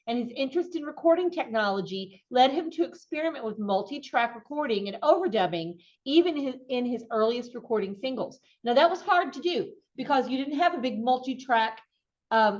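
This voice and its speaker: A middle-aged woman giving a conversational lecture as an instructor, casual and chatty with frequent ums and restarts. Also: a little high. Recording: dull lo-fi recording.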